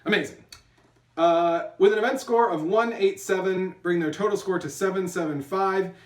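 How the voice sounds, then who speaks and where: A man's voice: high-pitched, moderate pace, far from the mic. Chatty upbeat male host in an echoey room. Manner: chatty and upbeat, many fillers and restarts. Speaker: host announcing tournament scores. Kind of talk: casual online awards announcement. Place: apartment.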